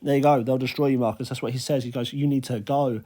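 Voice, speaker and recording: A young man recapping a video game he played, talking fast and excitedly and saying "bro" a lot. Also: medium pitch. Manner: animated, says "bro" constantly. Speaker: gaming YouTuber.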